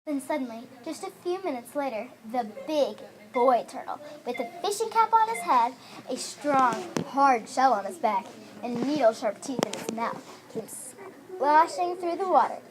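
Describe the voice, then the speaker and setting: A woman reading her own fairy tale aloud in an expressive storybook manner. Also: high voice, a little slow, noisy background.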